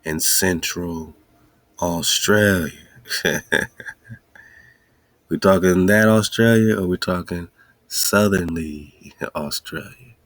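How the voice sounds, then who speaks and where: A man hosting a podcast in a casual monologue, musing excitedly and firing off rhetorical questions. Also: low voice, takes it slowly, pauses often, dry recording. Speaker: podcast host.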